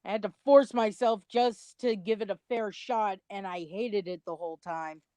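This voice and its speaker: A woman's voice: medium pitch, normal speed, mellow, no room sound. A young adult woman co-hosting a commentary video, chatty, rambling and a little self-conscious in casual chat.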